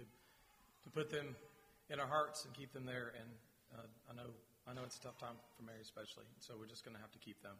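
Pastor praying in an echoey hall. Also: male voice, mid-range voice, a little hiss or hum. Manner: gentle, pausing, with repeated words. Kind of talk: church announcements and spoken prayer. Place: church sanctuary. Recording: long reverb of a large hall.

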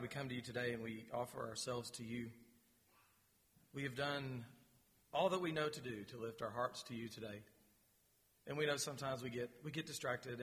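A man leading his church in announcements and a spoken prayer, gentle and pausing, with repeated words. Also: medium pitch. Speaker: pastor. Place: church sanctuary. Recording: long reverb of a large hall.

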